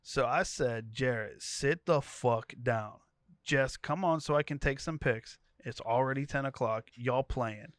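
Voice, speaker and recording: A man's voice: medium pitch, a bit bright, no echo, studio quality. A man co-hosting a podcast, reading a profane story thread aloud and quoting each character in turn. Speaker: podcast co-host.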